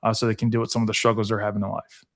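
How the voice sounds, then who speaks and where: A man's voice: fairly low pitch, flat delivery, very fast. A man speaking as a podcast guest in casual conversation, earnest and heartfelt, with lots of "like" and "uh". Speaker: guest, veterans foundation founder.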